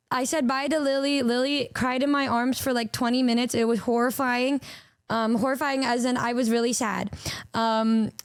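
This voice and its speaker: Young streamer girl, high voice, chatty and animated, swears a lot, dry close mic. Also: clean tone, no echo. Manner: animated, swearing, stammering, quick restarts. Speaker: VTuber streamer. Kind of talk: casual storytelling to stream chat.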